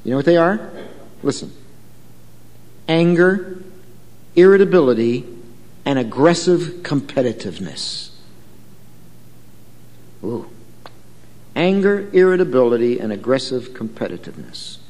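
Conversational preacher in an echoey hall. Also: male voice, medium pitch, very animated, measured pace, pauses often, darkish tone. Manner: conversational, asks the congregation questions; storytelling. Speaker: pastor. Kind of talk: sermon.

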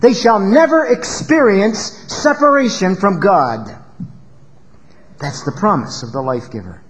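A male pastor preaching a sermon in an emphatic style, rising to loud peaks and dropping low. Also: big pitch swings, measured pace, in a large hall, a little hiss or hum.

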